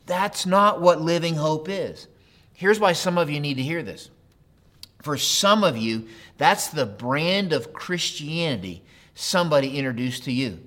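A man's voice: fairly high pitch, a bit bright. Man preaching with repeated questions. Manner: conversational preaching with direct questions and repeated phrases. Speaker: pastor. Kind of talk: sermon.

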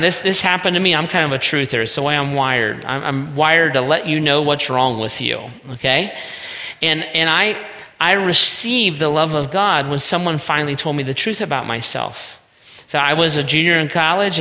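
Pastor, male, casual emphatic sermon delivery; bright voice, long hall reverb. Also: fairly high pitch. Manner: conversational preaching with emphatic asides.

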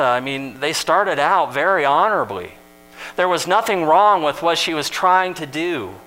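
A man's voice: fairly high pitch, sharp tone, poor audio. A man preaching a sermon in a conversational, storytelling way, acting out the lines he quotes.

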